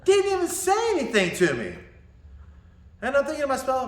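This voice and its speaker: A male martial arts instructor talking to his students, a lively storyteller who acts out voices and laughs often. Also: very high-pitched, a little fast. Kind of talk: talk to students. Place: indoor training room. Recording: echoey room.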